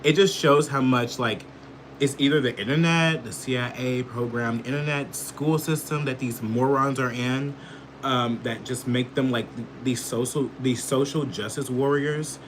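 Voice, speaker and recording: A man from the United States rants through his political commentary, swearing freely and filling his sentences with filler words. He speaks at a middling pitch, in a loose, heated, offhand style. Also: normal speed, a little hiss or hum. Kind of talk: casual ranting commentary.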